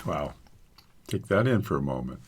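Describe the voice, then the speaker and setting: A man co-hosting spiritual talk radio, calm and measured. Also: rumbling low, noisy background. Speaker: radio show co-host.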